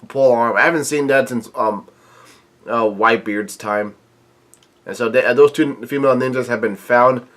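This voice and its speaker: A man reading a manga chapter aloud with commentary, in a halting way with many restarts and filler sounds. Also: mid-range voice, fairly bright tone. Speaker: manga reaction host.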